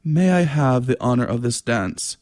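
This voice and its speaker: A man's voice: mid-range voice, animated, moderate pace, darkish tone, no room sound, clean studio sound, natural voice. A man voicing a haughty, ominous aristocratic count who speaks in a casual yet mocking way.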